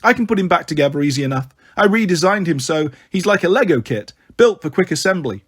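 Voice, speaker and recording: A man voicing a brash, wisecracking teenage boy mechanic, talking loudly with a raised voice. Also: fairly high pitch, lively intonation, quick pace, husky. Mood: breezy.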